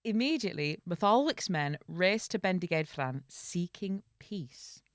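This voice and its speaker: A woman hosting a casual podcast, reading an old tale aloud and breaking off for quick jokey asides. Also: fairly low pitch, lively intonation, dry recording, clean studio sound. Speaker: podcast host.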